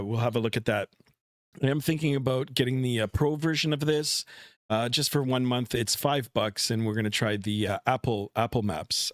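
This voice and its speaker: A man's voice: mid-range voice, no echo, studio quality. A middle-aged man hosting a flight simulator live stream from home, chatting loosely with many fillers and restarts. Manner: relaxed, rambling, many fillers. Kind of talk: casual live-stream chat. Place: home room. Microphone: headset mic.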